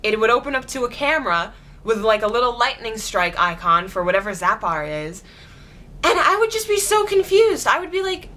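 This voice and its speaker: Giggly high-voiced young woman vlogger. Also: moderate pace. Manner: giggly, excitable, gushing. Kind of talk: casual chatty storytelling.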